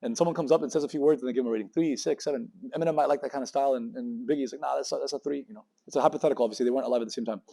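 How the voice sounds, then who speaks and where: A man in his thirties giving a religious talk to university students in a lecture room, talking very fast and acting out the voices of people in his stories. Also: medium pitch, dark tone. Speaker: Muslim speaker giving a campus talk.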